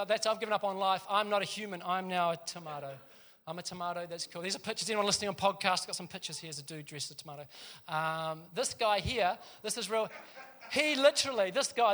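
A man preaching to his church, his voice pitched high for a man and ringing bright. He tells street stories in a lively, conversational way and breaks into laughter often. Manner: animated storytelling, laughs often. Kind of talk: sermon.

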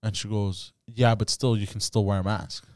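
A man co-hosting a podcast tells a story in a smooth, resonant voice, recorded dry and close. He plays out both sides of each conversation in casual, swearing banter. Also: lowish voice, fairly even intonation, moderate pace, a little mellow, dry recording. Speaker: podcast co-host.

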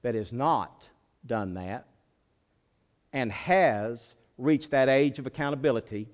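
A male pastor preaching a sermon, moving from quiet low teaching to loud, high-pitched preaching. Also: animated, takes it slowly.

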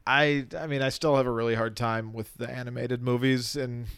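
A man's voice: mid-range voice, flat delivery, fairly quick, fairly bright tone, clear, resonant tone. A man co-hosting a casual movie podcast, frank and opinionated, often restarting his sentences. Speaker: podcast co-host, film critic.

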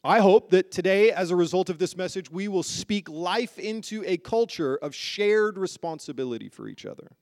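A man's voice: sits high, expressive, moderate pace, few pauses, a little mellow, no echo, studio quality. A man preaching a sermon as pastor to a congregation, emphatic and full of rhetorical questions. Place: church hall with a congregation.

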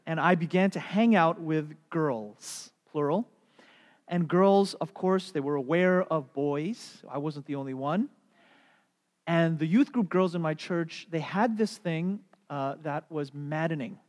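A middle-aged man preaching a sermon as a pastor, telling stories in an animated way and putting on playful voices. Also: fairly high pitch, unhurried. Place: church sanctuary. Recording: long hall reverb.

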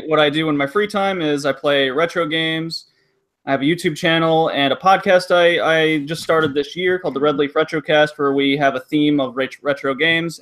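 Joking man with a slightly high voice. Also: a bit bright. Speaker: podcast guest, engineer and retro gaming YouTuber. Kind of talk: casual podcast chat.

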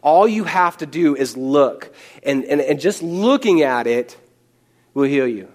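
A man's voice: on the high side, animated, a little slow, darkish tone. A man playing a biblical leader calling to a sick camp, speaking in an urgent, reassuring way.

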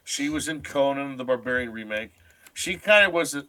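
A man with a bright, forceful voice co-hosts a movie podcast with a wisecracking streak. His voice sounds close and dry, and he riffs in mock voices on the films. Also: medium pitch, lively intonation, moderate pace, dry recording. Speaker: podcast co-host. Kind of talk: casual movie review chat.

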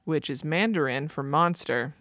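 A woman co-hosting a casual movie-review chat, deadpan and snarky, with teasing one-liners. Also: sits low, normal speed, no echo, studio quality. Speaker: podcast co-host.

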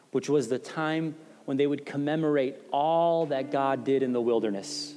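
In a church sanctuary, a male pastor with a mid-range, darkish voice delivers an impassioned sermon full of emphatic repetitions. The recording has a long hall reverb, with faint music behind him.

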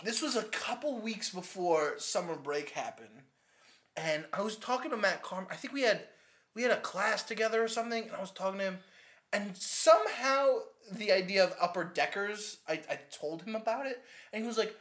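Play a relaxed man recounting a prank to friends, loose and casual. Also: sits high. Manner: laid-back, swearing, fast telling. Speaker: podcast co-host. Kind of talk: casual storytelling chat.

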